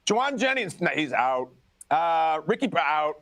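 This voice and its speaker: A man in an animated, sarcastic sports rant, sounding exasperated and mock-outraged. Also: a little high, moderate pace, gravelly, no room sound.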